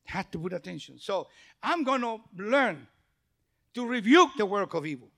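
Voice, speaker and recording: A man's voice: high voice, moderate pace, vocal fry. A male pastor preaching a sermon, telling stories and acting out dialogue in English that is not his first language. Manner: animated storytelling, acts out dialogue; non-native English phrasing.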